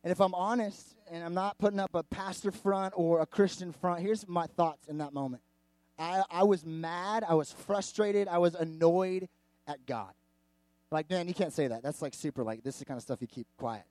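Delivering a sermon at a church service before a live audience, a man whose voice sits high speaks at a moderate pace, with no echo. He is a pastor whose storytelling is animated, candid, and chatty, peppered with asides and frequent "like."

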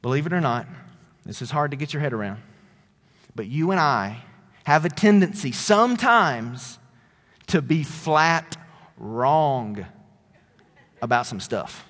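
A man preaching a sermon as a pastor, conversational, shifting between loud emphatic lines and quiet, dropped phrases. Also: mid-range voice, big pitch swings, slow, long pauses, long reverb tail.

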